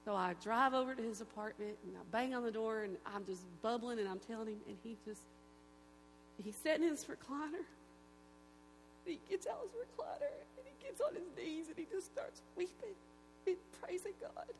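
A woman's voice: fairly high pitch, normal speed. A woman giving an emotional personal testimony at a church gathering, telling the story with animation and acting out the voices of the people in it. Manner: animated storyteller who acts out quoted voices. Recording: echoey hall with faint hum.

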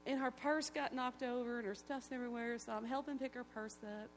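A woman giving an emotional, folksy church testimony, telling stories with animated delivery. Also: fairly high pitch, fairly quick, slight background noise. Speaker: testimony speaker.

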